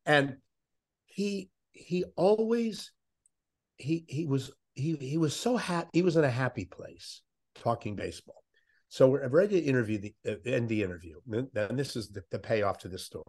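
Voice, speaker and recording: A man who grew up in Miami Beach, a veteran sports interviewer telling animated anecdotes in a casual talk. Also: medium pitch, normal speed. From Miami Beach, USA. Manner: animated anecdotes with quoted voices. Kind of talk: casual podcast storytelling.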